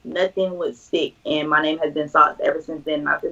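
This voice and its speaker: A woman's voice: low-pitched, animated, normal speed, pushed and bright. A young woman, a podcast guest, telling a story animatedly and acting out the voices of others. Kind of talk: casual chat. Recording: distant, dull mic.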